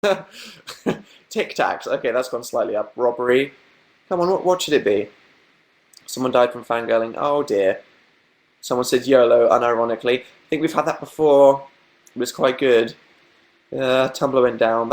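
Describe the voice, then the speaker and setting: A man's voice: measured pace, pauses often. Chatty young man livestreaming. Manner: chatty storytelling, acting out quotes in higher voices, laughing. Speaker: livestream host. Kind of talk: casual livestream chat.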